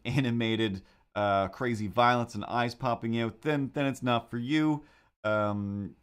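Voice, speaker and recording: A man animating on a live stream, chatting casually to viewers in a rambling, easily sidetracked way with excitable asides. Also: fairly low pitch. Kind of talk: casual livestream chat while animating.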